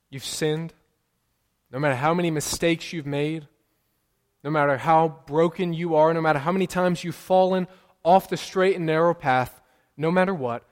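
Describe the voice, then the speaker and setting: A man preaching a sermon as pastor, emphatic and repeating his key lines for weight. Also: on the high side. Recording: long hall reverb.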